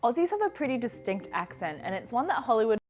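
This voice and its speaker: A woman's voice: on the high side, sing-song, quick pace, darkish tone. A woman narrating a scripted explainer video with a lightly wry touch.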